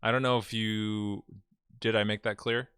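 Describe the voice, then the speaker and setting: A man's voice: lowish voice, level tone, normal speed, fairly bright tone, clean tone, no room sound, clean studio sound. A man co-hosting a casual chat show, joking and reading dating profiles aloud with mock drama. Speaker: podcast co-host.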